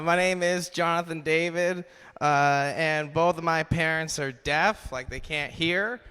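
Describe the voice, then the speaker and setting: A man in his twenties doing a loose, swearing stand-up set on a comedy club stage, shouting in the bits. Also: fairly high pitch, clear, resonant tone. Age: 20s. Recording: live stage mic in long hall reverb.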